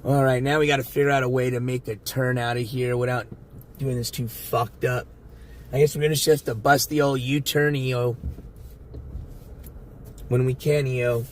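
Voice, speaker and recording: A man's voice: mid-range voice, flat delivery, normal speed, long pauses, slight background noise. A man live-streaming from inside a car, chatting casually with viewers, swearing often and rambling. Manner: profane, rambling, talks to his chat. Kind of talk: casual live-stream chat while driving.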